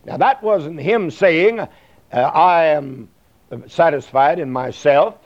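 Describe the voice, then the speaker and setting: A man's voice: fairly high pitch, takes it slowly, a little mellow. A man preaching a sermon in a folksy, rambling way, full of fillers and plain talk. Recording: dull lo-fi recording.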